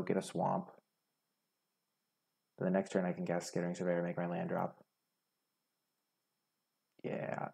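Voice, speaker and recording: A young man with a very low, gravelly voice that has a husky edge, chatting casually through his own card game. He thinks aloud and picks apart his own plays as he goes. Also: darkish tone. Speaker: gaming streamer. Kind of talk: casual gameplay commentary.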